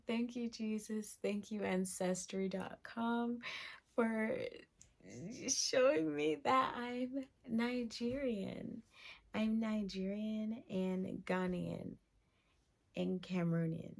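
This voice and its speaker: A woman vlogger in a casual, excited chat, reading her results aloud. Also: medium pitch. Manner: slow, excited and chatty, reads passages aloud.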